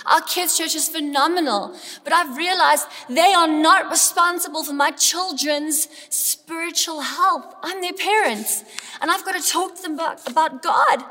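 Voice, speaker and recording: A high-pitched woman, middle-aged, delivers a lively, emphatic sermon to her congregation. Her voice rings out with a long reverb in the church hall. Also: moderate pace. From South Africa. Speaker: preacher.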